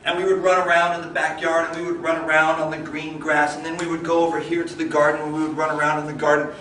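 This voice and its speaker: A man giving a storytelling speech at a speaking club, swinging from lively and loud to low and hushed. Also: quick pace, slight background noise. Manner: animated, builds up energy then drops low. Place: meeting hall. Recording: echoey hall, mic far off.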